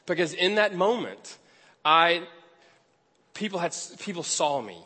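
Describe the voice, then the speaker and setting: A man's voice: sits high, big pitch swings, measured pace, pushed and bright, breathy edge. A man preaching a storytelling sermon, chatty and self-deprecating. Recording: long hall reverb.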